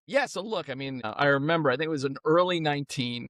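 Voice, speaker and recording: A man's voice: fairly high pitch, fast talker, no room sound. Man telling stories in a dry podcast interview. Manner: animated storytelling with frequent fillers and restarts. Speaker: guest, former company executive. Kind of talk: conversational interview storytelling.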